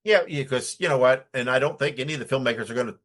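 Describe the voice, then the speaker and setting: A man co-hosting a podcast, talking casually in halting stretches full of fillers. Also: mid-range voice, fairly bright tone. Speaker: podcast co-host.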